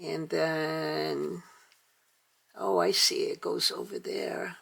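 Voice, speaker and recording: A woman's voice: low voice, steady tone, very slow, vocal fry, fairly bright tone. An older woman hosting a casual toy unboxing, chatty and gushing, with many fillers. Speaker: toy channel host.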